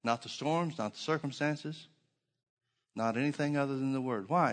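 A male preacher delivering a sermon at a mid-range pitch. He hammers his points home with repeated phrases and rhetorical questions. His voice rings with a long reverb, like a church hall. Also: normal speed.

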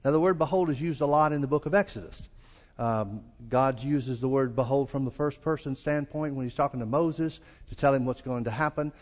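Delivering his sermon fairly quickly, a pastor from the American South speaks with a darkish tone and a Southern accent. He's folksy and performs quoted lines with rising pitch, recorded amid a church hall's long reverb.

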